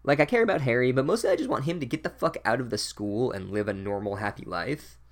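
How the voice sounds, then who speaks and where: A man's voice: medium pitch, lively intonation, fast talker. A man giving a casual, profane, sardonic recap of a book as a podcast host. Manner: sardonic, swears a lot, wry.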